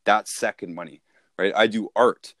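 Low-voiced man coaching on sales. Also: steady tone, moderate pace, a bit bright, dry recording, studio quality. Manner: conversational, repeats himself, restarts. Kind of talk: casual coaching talk.

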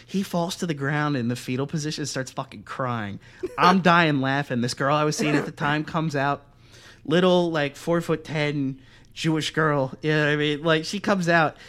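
Brief: young male podcast host, slightly high voice, animated, swears freely. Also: moderate pace. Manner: profane, animated, acts out quotes in other voices. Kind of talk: casual storytelling chat.

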